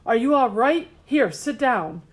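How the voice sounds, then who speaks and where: A steady, caring woman firefighter talks gently and calmly, as a woman narrator reads her. Her voice stays a little high and soft in this storybook reading. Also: unhurried, slightly rough. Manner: calm, soothing.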